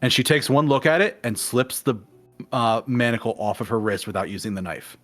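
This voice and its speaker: A man's voice: medium pitch, fairly quick, soft background music. Man retelling a game, acting out quotes. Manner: animated storyteller acting out quotes. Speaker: guest in a game discussion. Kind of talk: casual conversation.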